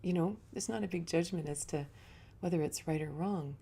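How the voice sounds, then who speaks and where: A woman yoga teacher speaks in a low, warm voice with no bright edge. She gives a reflective spiritual talk in a relaxed, conversational way, telling stories as she teaches. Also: normal speed, vocal fry, husky.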